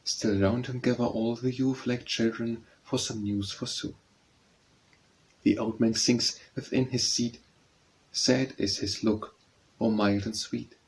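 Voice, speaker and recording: A man narrating an audiobook of poems in a measured, steady verse recitation. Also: mid-range voice, slight background noise, poor audio. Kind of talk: audiobook poetry reading.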